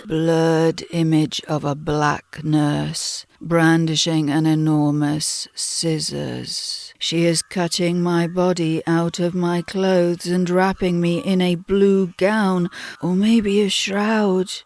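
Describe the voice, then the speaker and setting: A British woman reads her memoir aloud at an unhurried, deliberate pace. Her voice sits a little low. The storytelling is dramatic. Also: flat delivery, a little mellow. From Britain. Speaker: narrator. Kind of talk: audiobook memoir narration.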